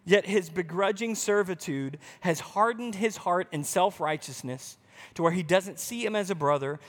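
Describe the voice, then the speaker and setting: A man's voice: sits high, in a large hall. A man preaching a sermon as pastor in a church building, passionate and urgent, sometimes acting out a complaining believer.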